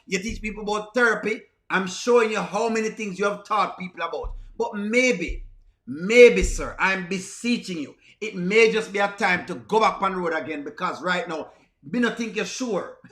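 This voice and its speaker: A Jamaican man comments on comedy skits for his livestream audience with a bright, sharp tone. He begs and repeats his points, sliding between patois and plainer speech. His voice echoes around the room. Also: high-pitched. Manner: pleading and repetitive, mixing patois with plain speech. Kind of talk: casual reaction commentary.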